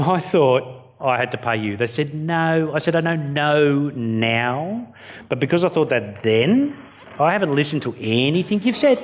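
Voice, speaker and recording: An Australian man giving a keynote speech to an audience, blunt and self-mocking, acting out what people said. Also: mid-range voice. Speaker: keynote speaker. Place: conference venue before an audience.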